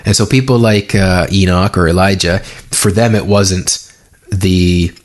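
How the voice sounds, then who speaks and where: Male podcast host, lower voice, relaxed rambling chat. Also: measured pace. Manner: loose, rambling, with many fillers. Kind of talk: casual conversation.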